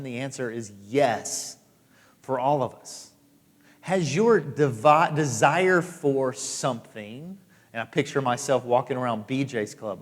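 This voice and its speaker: A man preaching a sermon as pastor, emphatic, repeating phrases and dropping into soft asides. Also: medium pitch, expressive, measured pace, long reverb tail. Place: church auditorium.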